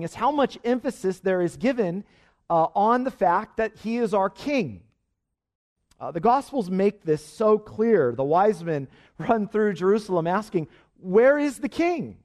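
A man's voice: sits high, darkish tone. A man preaching a sermon at a church service, earnest and building his points with rhetorical questions and repeated phrases. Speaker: pastor.

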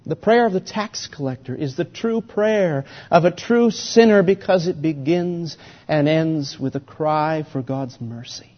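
A man preaching a sermon in a deliberate, emphatic way, his volume swelling and dropping. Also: a little high, lo-fi sound.

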